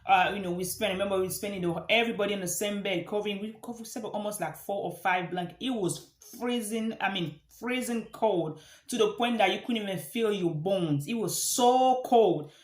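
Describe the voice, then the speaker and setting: A woman's voice: mid-range voice, a little fast. A woman from Africa, giving an earnest motivational talk as a life coach and repeating phrases for emphasis. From Central Africa. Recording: echoey room.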